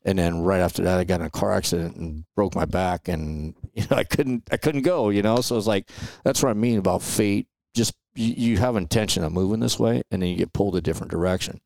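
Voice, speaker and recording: A middle-aged man from Los Angeles, telling stories in a relaxed, chatty way and often tossing in "man" and "you know". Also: low voice, a little fast, creaky, hardly any pauses, no echo. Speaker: guest. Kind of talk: casual storytelling interview.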